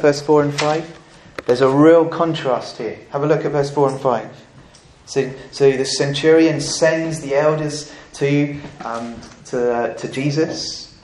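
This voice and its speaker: A man's voice: a little high, a little mellow, a little hiss or hum. A man preaching a sermon to his congregation in an earnest manner, putting direct questions to his listeners. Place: church. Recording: echoey church hall.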